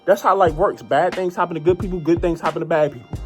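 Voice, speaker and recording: A young woman telling a story in a casual vlog, animated and full of repeated "like"s. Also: fairly low pitch, quick pace, over music. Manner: animated, lots of "like" and repeated phrases.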